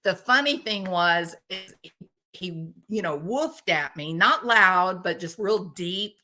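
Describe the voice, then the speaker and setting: A woman hosting a casual chat with her viewers, telling animated stories and laughing often. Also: fairly low pitch, takes it slowly. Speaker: host.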